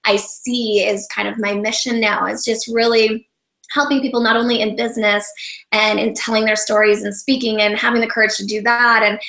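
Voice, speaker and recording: Earnest female interview guest, high and bright with a gravelly edge; echoey room. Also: level tone, normal speed. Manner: earnest, repeats words when starting phrases. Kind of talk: casual interview talk. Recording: roomy echo.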